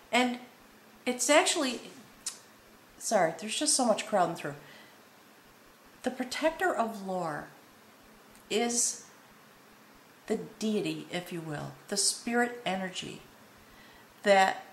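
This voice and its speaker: An earnest woman gives a tarot reading at a medium pitch for her sex, wandering from thought to thought and pausing to check in with her listener. She sounds faintly choked up, as if moved. The voice rings in a roomy, echoey space over a faint background hum. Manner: meandering, earnest, frequent "okay?" check-ins; emotional, a little choked up. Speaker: tarot reader. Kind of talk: spoken tarot reading to viewers. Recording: echoey room with faint ambience.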